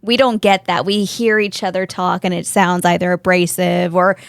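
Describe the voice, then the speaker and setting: A woman's voice: lowish voice, flat delivery, moderate pace, creaky, smooth, dry recording, studio quality. A woman co-hosting a podcast, making blunt, jokey remarks in casual chat. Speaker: podcast co-host.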